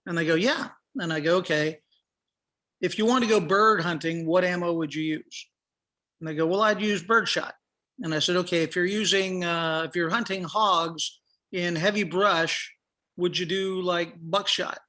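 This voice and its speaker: A man's voice: high-pitched, fairly even intonation, normal speed, sharp tone. A middle-aged man, a podcast guest, telling stories in a casual way and acting out the dialogue with lots of fillers. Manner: acts out quoted dialogue, many fillers. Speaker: podcast guest, firearms industry professional. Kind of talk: casual storytelling.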